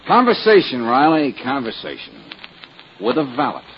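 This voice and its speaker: An actor playing a breezy, sarcastic private detective in a 1940s radio drama, firing off quick quips. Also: male voice, medium pitch, huge pitch swings, highs cut off. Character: wisecracking male private detective, breezy and sardonic. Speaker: detective lead. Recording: hissy 1940s radio broadcast.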